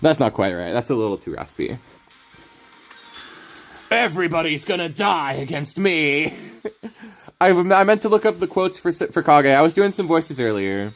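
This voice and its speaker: A man's voice: a little high, very animated, fairly quick, hardly any pauses, soft background music. A man streaming a card game, rambling through casual commentary, playful and laughing often.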